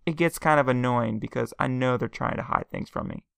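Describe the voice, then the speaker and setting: A man with a gravelly, fry-tinged, middle-pitched voice reads a first-person story calmly and evenly, a little on the fast side. The recording is close-miked and dry, with no room sound.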